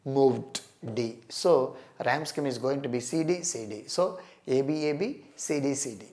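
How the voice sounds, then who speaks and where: A man's voice: medium pitch, unhurried, darkish tone. A man giving an exam-prep lecture, asking and answering his own questions and repeating key points. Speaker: English teacher.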